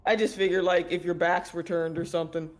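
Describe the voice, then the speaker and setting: A woman's voice: lowish voice, level tone, a little fast, a little hiss or hum. A woman playing in a tabletop game, unhurriedly describing what her character does. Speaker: player. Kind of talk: casual chat in a tabletop game.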